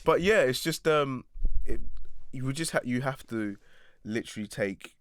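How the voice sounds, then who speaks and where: A man, a radio presenter talking as the guest in a casual interview, relaxed and reflective and laughing often, in a small attic studio. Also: medium pitch, normal speed, clear, resonant tone, no room sound.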